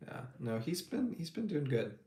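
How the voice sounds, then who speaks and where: A man's voice: fairly high pitch, big pitch swings, normal speed, dark tone. A man casually chatting on a livestream while painting miniatures, jokey and rambling, laughing often. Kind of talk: casual chat. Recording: echoey room with faint noise.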